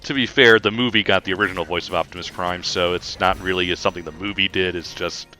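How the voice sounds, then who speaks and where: A man's voice: deep voice, steady tone, fast, pushed and bright. A young man co-hosting a gameplay video, dropping dry, sarcastic one-liners in casual chat. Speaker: gameplay co-host. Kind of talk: casual let's-play chat. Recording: faint music behind.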